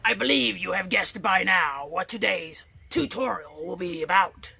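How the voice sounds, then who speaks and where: A woman's voice: fairly low pitch, normal speed, gravelly, sharp tone, breathy edge. A woman teaching a children's art lesson with playful, theatrical pirate talk that she slips in and out of. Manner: hammy put-on pirate talk, slipping in and out of it. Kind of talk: online art lesson for kids.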